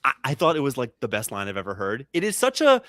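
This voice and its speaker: A man's voice: medium pitch, huge pitch swings, fast talker, fairly bright tone, no room sound, studio quality. A man hosting a comedy podcast, telling stories animatedly, acting out quotes and laughing often. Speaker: podcast host. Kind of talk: casual comedy podcast chat.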